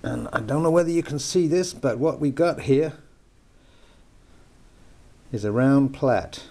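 A man's voice: medium pitch, unhurried, gravelly, warm tone. An older man from the United Kingdom with a put-on American accent, giving a chatty, jokey knot-tying lesson at home with lots of hesitant fillers. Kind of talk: homemade instructional video. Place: home lounge.

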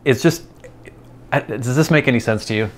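A man's voice: mid-range voice, normal speed. A man hosting a vlog, thinking aloud in a casual, rambling monologue with self-deprecating asides. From United States. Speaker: vlog host.

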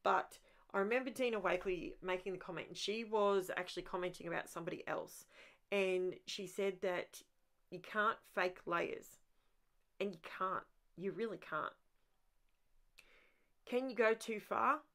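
Woman, craft video host, casual voice-over, rambling, restarts her sentences, enthusiastic, mid pitch. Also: measured pace, pauses often, a bit bright. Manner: chatty, rambling, thinks aloud with frequent restarts; enthusiastic about messy art play.

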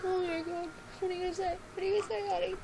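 Very high-voiced woman crying over a game. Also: flat delivery, very fast, creaky, background noise. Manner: tearful, blurting reactions at the screen. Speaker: gaming channel host reacting to a game. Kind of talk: emotional game reaction commentary. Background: game audio.

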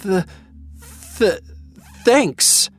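A woman's voice: low voice, animated, slow pace, soft background music. A woman voicing a shy, awkward teenage boy who stammers, in a storybook reading. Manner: hesitant, stammering.

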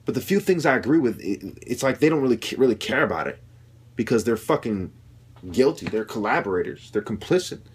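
A man's voice: mid-range voice, sing-song, a little fast. A young man delivering a heated, profane political rant, mocking the people he criticizes in put-on voices. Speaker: video commentator.

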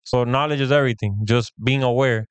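A man's voice: mid-range voice, brisk, clean tone, no room sound. A man in his thirties co-hosting a podcast, telling a story in casual chat and acting out the quoted lines of the people in it. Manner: animated, acts out quoted dialogue. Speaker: podcast co-host.

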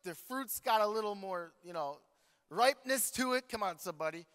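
Bright, high-voiced preacher man. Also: fairly quick, smooth. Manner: animated, joking, talks to the congregation. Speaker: pastor. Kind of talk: storytelling sermon. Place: large church hall. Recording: long hall reverb.

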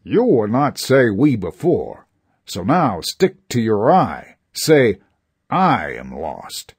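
A man's voice: on the low side, huge pitch swings, slow pace, slightly rough, exaggerated voice. A man reading a storybook voices a fair-minded traveler lecturing his greedy companion. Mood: wry. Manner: lecturing, dry.

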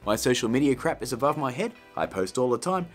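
A man's voice: medium pitch, big pitch swings, quick pace, soft background music. A man hosting a casual editing tutorial, chatty and upbeat with jokey asides. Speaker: video tutorial host.

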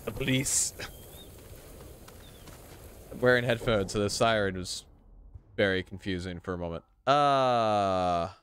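A man's voice: fairly low pitch, a little slow, pauses often, a bit bright, slight background noise. A man giving casual, joking commentary while playing a video game. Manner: joking, playful asides. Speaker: let's play host.

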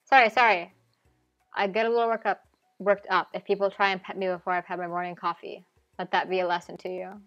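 A woman's voice: medium pitch, level tone, fairly quick, fairly bright tone, dull audio, faint music behind, natural voice. A woman voicing a tired, pompous male dog who works as a professor, speaking in a formal lecturing tone. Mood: apologetic.

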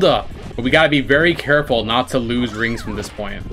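A man giving excited commentary while playing a video game, swinging between calm explanation and shrieking, laughing panic, swearing a lot and boasting jokingly. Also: mid-range voice, a little fast, faint music behind. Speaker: gaming YouTuber.

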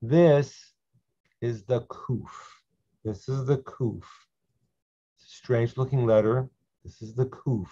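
A man teaching a slow Hebrew reading lesson, patiently repeating each syllable so learners can follow. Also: medium pitch, mellow. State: clearing his throat. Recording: dull lo-fi sound.

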